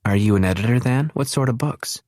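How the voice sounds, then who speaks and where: A man's voice: medium pitch, a little fast, darkish tone, no room sound, clean studio sound, pitched above the performer's own voice, close to an everyday voice. A man voicing an anxious, scattered young woman who talks in an eager, chatty and slightly flustered way.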